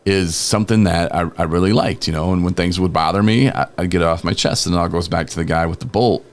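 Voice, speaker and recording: A man's voice: low voice, fast talker, slight background noise. A man on a recovery talk show, telling rambling stories in a casual, laughing chat and acting out other people's lines. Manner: rambling, laughing, quotes people in lively voices. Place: podcast studio.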